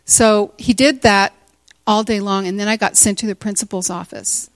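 A woman in her sixties telling a personal story to a church gathering, animated and often laughing. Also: mid-range voice, moderate pace, no echo. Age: 60s. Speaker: teacher speaking at a church retreat.

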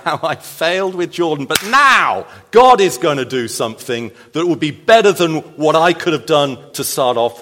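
A man delivers a sermon, his medium-pitched voice rising and falling with lively emphasis. He preaches emphatically and drops in playful asides. The sound hangs in a large church hall with a long, trailing reverb. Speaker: pastor.

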